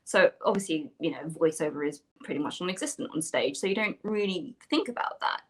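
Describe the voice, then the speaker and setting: A woman's voice: low-pitched, lively intonation, brisk. An actress, a woman, chatting enthusiastically and at length as a guest in a video call interview.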